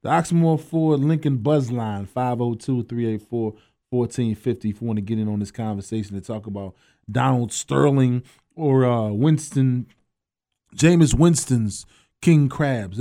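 Sports radio host, male, mid-pitched, loose and jokey. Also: moderate pace, mellow. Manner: loose, joking, laughs often, trails off mid-sentence. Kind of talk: casual sports talk radio banter.

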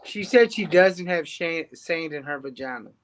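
Brief: male co-host, casual chat, very high-pitched voice, deadpan and profane. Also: moderate pace, slight background noise. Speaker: podcast co-host.

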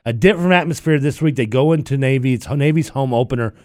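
A man's voice: medium pitch, fast, a little mellow, no room sound, clean studio sound. A man hosting afternoon sports talk radio, chatty, laughing often and telling stories. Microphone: studio microphone.

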